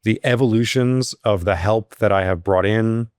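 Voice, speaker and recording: A low-voiced man tells a story in a relaxed podcast chat, his voice climbing sharply whenever he acts out a scene. He stumbles through fillers and restarts. The recording is dry and close. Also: moderate pace, clear, resonant tone, no room sound. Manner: animated, rises sharply when acting out quotes. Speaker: security company CEO, guest. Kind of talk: casual storytelling interview.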